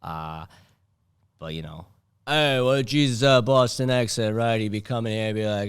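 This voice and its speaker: A man hosting a casual comedy podcast, rambling and sardonic, breaking into loud mocking impressions. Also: lowish voice, normal speed, clean tone, no room sound, studio quality. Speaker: podcast host. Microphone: studio mic.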